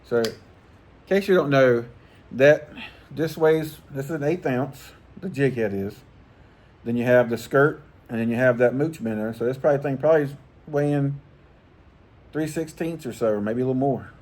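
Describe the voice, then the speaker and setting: A man's voice: medium pitch, moderate pace, darkish tone. A middle-aged man, chatting casually and profanely about fishing gear. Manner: rambling, profane, laid-back, chuckling. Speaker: fishing channel host. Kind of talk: casual vlog chat.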